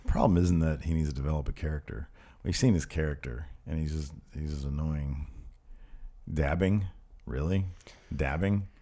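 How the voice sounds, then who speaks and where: A man's voice: rumbling low, flat delivery, fast talker, mellow. A man co-hosting a podcast in casual chat, sarcastic and ranting freely. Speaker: podcast co-host.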